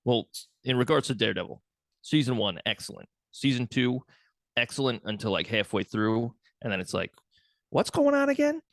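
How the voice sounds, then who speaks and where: A man's voice: on the low side, brisk, gravelly, fairly bright tone, no room sound, clean studio sound. A man co-hosting a movie podcast, chatting casually, jokey and rambling, swearing now and then. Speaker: podcast co-host. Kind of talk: casual chat about movies.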